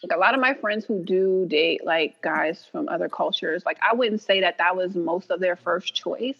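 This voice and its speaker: A woman guest on a podcast, an animated storyteller who acts out what people said and laughs often. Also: on the low side, moderate pace, creaky, dull audio. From New York. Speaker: creator and writer, guest. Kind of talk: casual podcast interview.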